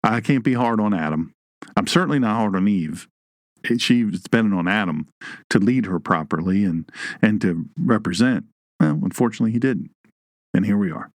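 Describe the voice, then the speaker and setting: A man's voice: lowish voice, animated, normal speed, no echo, clean studio sound. A man hosting an online Bible teaching show, with a folksy, joking manner and emphatic rises on key points. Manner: folksy, jokey asides, reads live chat.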